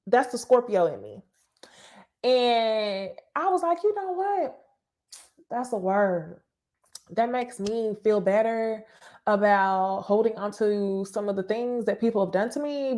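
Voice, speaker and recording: Animated woman recapping reality TV. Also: on the high side. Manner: animated, profane, laughing asides to viewers. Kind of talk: casual recap commentary.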